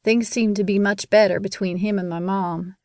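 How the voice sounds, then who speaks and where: A woman narrating a first-person audiobook in a measured, grave manner. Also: mid-range voice, steady tone, a little mellow, no echo, studio quality.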